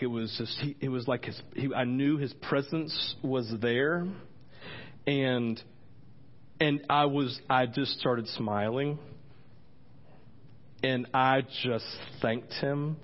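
A man preaching a sermon as a pastor and praying aloud, earnest and rambling, often breaking off mid-sentence to start again. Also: medium pitch. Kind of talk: sermon with spoken prayer. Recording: dull lo-fi recording.

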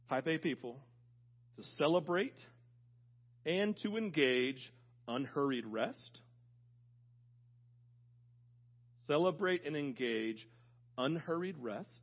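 A man's voice: high-pitched, highs cut off. A man preaching a sermon as pastor, telling stories animatedly and talking straight to the congregation. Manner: animated storytelling, talks directly to congregation.

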